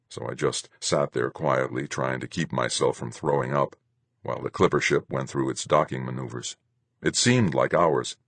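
Deep-voiced guy reading an audiobook, kinda husky, steady and measured. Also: no echo. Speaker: audiobook narrator. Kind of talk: first-person audiobook narration.

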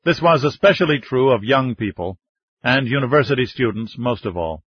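A man narrating an audiobook thriller in a steady, measured way. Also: mid-range voice, slightly rough, dry recording, lo-fi sound.

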